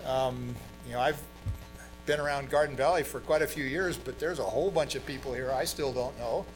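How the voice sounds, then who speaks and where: A man's voice: medium pitch, fairly quick, soft background music, low-quality recording. A middle-aged man who grew up in Brazil, preaching a sermon in a conversational way, with fillers and emphatic stresses. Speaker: pastor.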